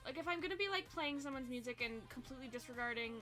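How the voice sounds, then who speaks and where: A woman in her twenties chatting casually with her live chat as a streamer, swearing, laughing often and saying "like" a lot, with a quiet song playing behind her. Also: sits high, lively intonation, quick pace, soft background music. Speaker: livestreamer. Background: quiet pop song playing.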